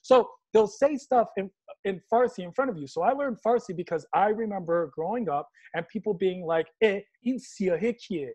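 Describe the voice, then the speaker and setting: A man's voice: sits high, fairly quick. A man from Washington, D.C., speaking as a panelist on a video call, telling stories with humor and slipping into mock voices. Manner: animated storyteller, slips into mock voices. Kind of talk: casual panel talk with humor.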